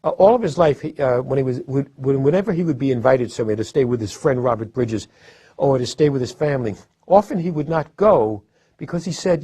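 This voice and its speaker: A man's voice: medium pitch, a little fast, mellow, slightly rough, no room sound. A man, a literary scholar, explaining a poet's life and work in a thoughtful lecture style, often restarting his sentences and leaning on stressed words. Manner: thoughtful, with frequent restarts and hesitations.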